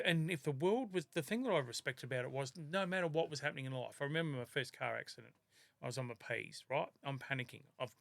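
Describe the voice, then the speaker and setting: An Australian man in his fifties, a podcast guest telling lively stories in casual chat and laughing often. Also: mid-range voice, vocal fry, no room sound. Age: 50s.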